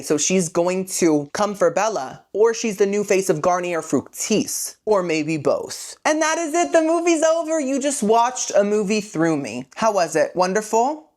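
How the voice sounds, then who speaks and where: 장난스럽고 새침한 남자 진행자. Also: male voice, sits high. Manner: sassy, campy asides. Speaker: host. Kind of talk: comedic movie retelling commentary.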